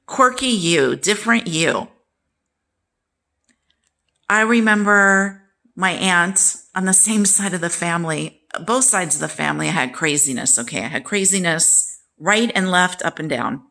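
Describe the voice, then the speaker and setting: A woman's voice: medium pitch, vocal fry, bright, forceful tone. A woman in her sixties, talking candidly and emphatically to her viewers about family and self-worth. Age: 60s. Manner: candid and emphatic, acting out quoted relatives. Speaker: vlogger. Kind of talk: personal storytelling to camera.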